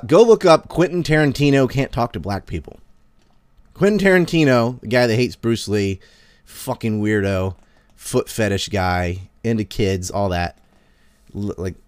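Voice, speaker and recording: A man's voice: mid-range voice, no room sound. A man, ranting in a heated, sarcastic and profane way as he hosts a podcast. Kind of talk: casual ranting monologue.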